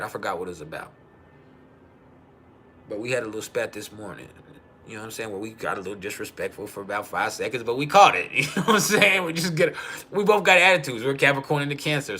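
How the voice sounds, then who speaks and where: A man's voice: mid-range voice, bright, forceful tone, a little hiss or hum. A man talking casually on a livestream, swearing freely and laughing often as he tells stories. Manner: profane, laughing storyteller. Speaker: livestream host.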